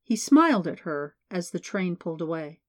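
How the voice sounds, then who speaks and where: A woman's voice: on the low side, sing-song, normal speed. Woman narrating an audiobook steadily.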